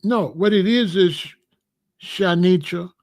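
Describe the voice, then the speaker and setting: In a reaction commentary, a man argues his point with rhetorical question after rhetorical question. His voice is high and darkish, and he talks at a slow pace.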